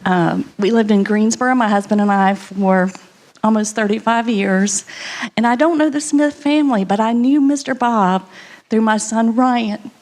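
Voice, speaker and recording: A woman's voice: on the high side, normal speed, a little mellow. A woman, a family friend, giving an emotional memorial tribute and at times dropping into a near whisper. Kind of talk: memorial speech. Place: community center memorial service.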